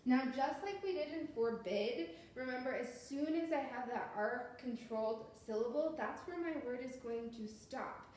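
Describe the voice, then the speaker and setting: A woman's voice: sits high, measured pace, hardly any pauses, a little mellow. A woman teacher explaining a phonics lesson step by step, in a patient way. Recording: very echoey room with faint noise.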